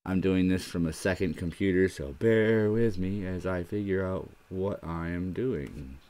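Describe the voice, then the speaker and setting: Deep-voiced man rambling on a livestream. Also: unhurried, warm tone. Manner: rambling, narrates his own fumbling with the computer. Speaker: livestream host. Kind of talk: casual livestream chat.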